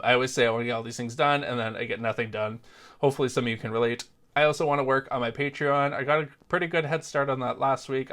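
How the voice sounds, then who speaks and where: A man's voice: medium pitch, fairly bright tone. A young adult man from Canada, chatting casually in a vlog with jokey, self-deprecating asides. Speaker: crochet vlogger.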